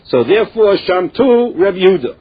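A man leads a Talmud lesson, chanting each source line slowly and then explaining it plainly. His voice sits high for a man and sounds husky. The recording is dull and lo-fi. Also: big pitch swings. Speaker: Talmud teacher. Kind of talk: Talmud lesson, translating Aramaic into English.

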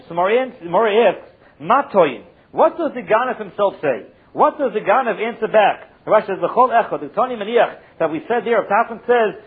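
A man with a high, husky voice teaches a Talmud lesson, reading short phrases and translating each in turn with a chanting cadence. The recording is muffled, as if over a phone.

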